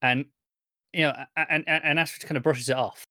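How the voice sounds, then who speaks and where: A man's voice: a little high, fairly even intonation, quick pace, bright, forceful tone, dry recording, studio quality. A man co-hosting a podcast, chatting casually about a TV episode with hesitant restarts. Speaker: podcast co-host. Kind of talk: casual TV recap chat.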